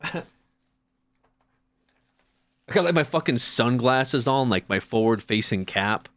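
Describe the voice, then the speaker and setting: Animated, swearing male streamer. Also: mid-range voice, takes it slowly. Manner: animated, swears often, acts out little scenes. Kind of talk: casual chat.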